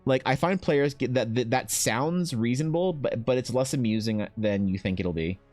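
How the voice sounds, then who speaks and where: A man's voice: mid-range voice, normal speed, darkish tone, soft background music. A young Canadian man chatting casually on a live stream, joking and swearing as he reads out and answers chat questions. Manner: profane, joking, reading chat aloud. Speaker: streamer and artist.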